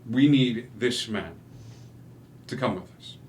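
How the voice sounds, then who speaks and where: A man's voice: medium pitch, takes it slowly, a little hiss or hum, lightly acted. Robed stranger, played by a man, menacing, clipped, polite threat, tabletop game. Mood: cold.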